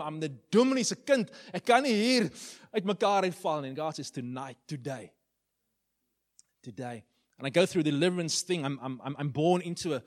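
A man in his forties preaching a sermon in a church, telling his story dramatically and swinging from loud, excited lines to hushed ones. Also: high-pitched.

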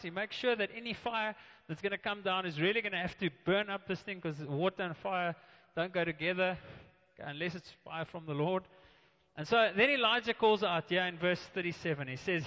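A man preaching a sermon, telling a story with animated delivery, acting out the quoted voices and often restarting his words. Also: sits high, brisk. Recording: muffled, with long reverb in a hall.

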